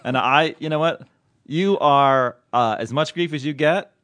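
Man, podcast host, casual banter, halting, joking. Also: a little high, fairly bright tone, no echo. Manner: joking, halting, self-interrupting.

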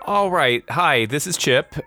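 A man co-hosting a podcast, talking in a measured, wry way. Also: a little high, lively intonation, sharp tone, soft background music. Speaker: podcast co-host. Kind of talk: casual chat.

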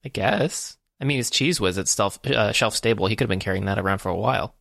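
A man casually talking about a film with a friend, recapping the plot slowly with lots of fillers. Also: on the low side, creaky, a bit bright, no room sound, clean studio sound. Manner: recaps plot in a halting, unhurried way with many fillers. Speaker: podcast co-host.

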